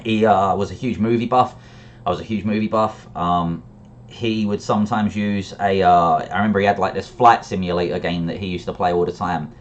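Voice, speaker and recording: A man's voice: sits low, fairly even intonation, fairly quick, lo-fi sound, slight background noise. A man telling a personal story in a reflective, candid way, often restarting his sentences. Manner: reflective and candid, with frequent restarts and brief laughs.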